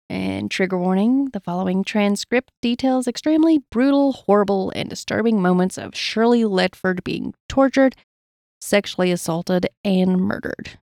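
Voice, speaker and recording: A woman's voice: mid-range voice, moderate pace, a little mellow, no echo, clean studio sound. A woman co-hosting a true crime podcast, reading from a case account with blunt personal asides. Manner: reads gravely, adds blunt asides. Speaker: podcast co-host.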